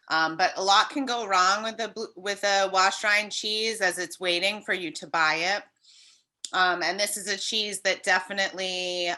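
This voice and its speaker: A woman speaking as a cheese expert on a webinar, relaxed and casual, with loose wording and fillers. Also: fairly low pitch.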